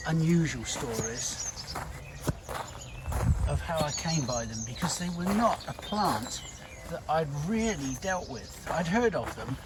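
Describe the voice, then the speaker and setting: A man's voice: on the high side, background noise. A man in his sixties from Britain, a gardener talking casually in his own garden vlog, rambling and hesitant with lots of restarts and side stories. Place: outdoors in a garden.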